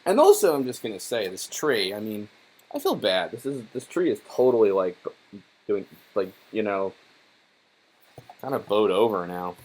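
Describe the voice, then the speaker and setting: A man's voice: lowish voice, sing-song, moderate pace, pauses often, a little mellow. A young man casually reading through a children's book on camera, mocking it with profane, rambling, sarcastic asides full of fillers. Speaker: YouTuber reviewing a children's book.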